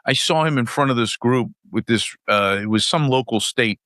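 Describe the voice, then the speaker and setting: A middle-aged man from West Virginia, a podcast guest telling anecdotes in casual chat, crude and animated, acting out crowds as he goes. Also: medium pitch, normal speed, dry recording, clean studio sound. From West Virginia, USA.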